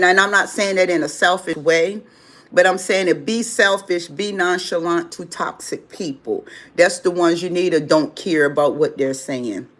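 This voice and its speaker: A livestream host giving loose, rambling motivational advice in casual everyday speech, often repeating phrases for emphasis while answering viewer chat. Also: mid-range voice.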